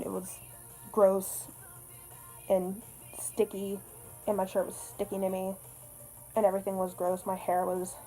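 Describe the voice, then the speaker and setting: A woman's voice: mid-range voice, mellow, rough recording. Rambling young woman storyteller. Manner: rambling, swears a lot, self-deprecating. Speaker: vlogger. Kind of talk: casual storytelling.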